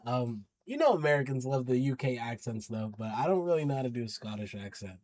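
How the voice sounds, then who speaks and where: A man's voice: mid-range voice, very animated, fairly quick, darkish tone, dry recording. A man vlogging his football predictions in a loose, chatty way. He drops slang freely and hypes up his picks. His voice sits mid-range and is recorded close and dry, with no room sound at all. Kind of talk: casual predictions commentary.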